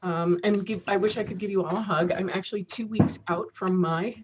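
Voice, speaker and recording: A woman's voice: medium pitch, steady tone, brisk, heavy background noise. Woman, 50s, casual conference speaker on a video call; chatty, self-mocking, laughs easily. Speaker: keynote speaker.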